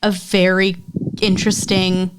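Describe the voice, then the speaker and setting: A woman's voice: medium pitch, level tone, a little slow, noisy background. A woman co-hosting a podcast in casual chat, talking bluntly with strong opinions and plenty of swearing. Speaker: podcast co-host.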